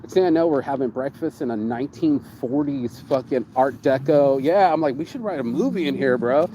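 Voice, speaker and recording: Excitable profane man telling stories. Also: mid-range voice, a little fast, noisy background. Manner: excitable, profane, repeats words for emphasis. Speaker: show host. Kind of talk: casual storytelling chat.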